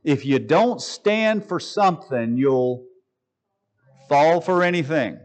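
A man preaching a sermon to a live congregation, calling them folks and stressing key words with long pauses. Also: fairly high pitch, expressive. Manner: addresses listeners as folks.

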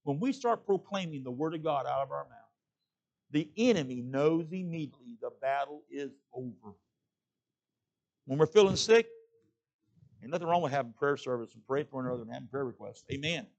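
A middle-aged pastor with a mid-range, creaky, darkish voice preaches fairly quickly with lively intonation, in a muffled recording. His sermon is folksy and plain-spoken, and he often calls out "amen?" to the congregation.

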